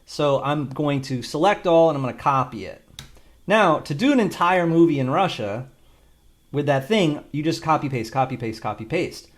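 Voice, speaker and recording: In this screen-recorded tutorial, a video creator with a fairly high-pitched voice shows off an AI video tool, speaking at a normal speed with animation. He rambles, thinks aloud and swears casually along the way.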